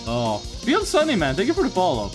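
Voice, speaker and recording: A man on a live stream, talking in a raised, high register that swings up and down. He is hyped and swears freely as he reacts to viewers' chat. Faint music plays behind him. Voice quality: voice pitched higher on stream.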